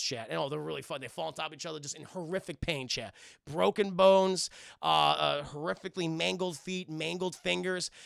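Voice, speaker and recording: Young man, livestream film recap, animated, profane, gravelly fry, forceful tone. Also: a little high, dry recording, clean studio sound. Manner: animated, profane, acting out scenes in bursts of silly voices. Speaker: streamer reviewing a film. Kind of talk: casual chat to a livestream audience.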